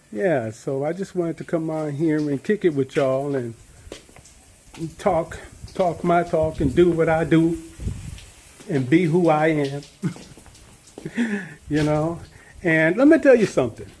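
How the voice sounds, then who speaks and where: A man in a casual vlog, talking in a relaxed, rambling way with many fillers and restarts. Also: a little high, slow pace, pauses often, slight background noise. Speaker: vlogger. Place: in Gambia, outdoors.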